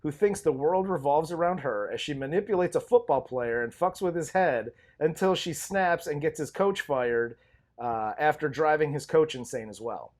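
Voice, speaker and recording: Enthusiastic man with a higher voice. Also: moderate pace. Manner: enthusiastic, laughing, profane. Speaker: podcast co-host. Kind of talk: casual movie review chat.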